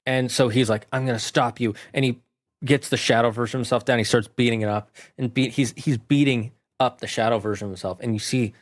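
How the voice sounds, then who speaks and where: A man reviewing a movie, casually retelling its plot in a rambling, animated way. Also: medium pitch, fairly quick.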